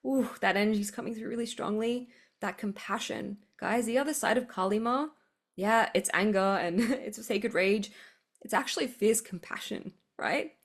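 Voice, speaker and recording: A woman hosting a spiritual podcast, talking passionately in a monologue, swearing freely and laughing often. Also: medium pitch. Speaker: podcast host.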